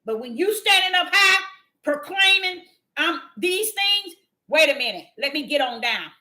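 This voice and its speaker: Woman preacher, scolding, impassioned, sharp bright tone. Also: very high voice, expressive, measured pace. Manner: fervent, scolding, rises to shouting. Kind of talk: impassioned street-style sermon.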